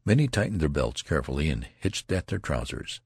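Male narrator, deep voice, lively pitch, dry close sound, audiobook. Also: brisk, breathy edge, dry recording. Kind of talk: audiobook reading of a classic novel.

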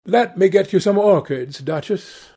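A man reading aloud and voicing a charming, pleasure-seeking young gentleman with a gallant manner. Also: sits high, expressive, a little slow, breathy edge, voice pushed up, full character voice. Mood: eager.

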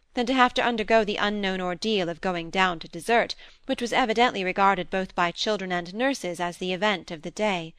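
A woman narrating a classic novel as an audiobook reader, in a measured, even storytelling manner. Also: mid-range voice, smooth, no echo. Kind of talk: scripted narration.

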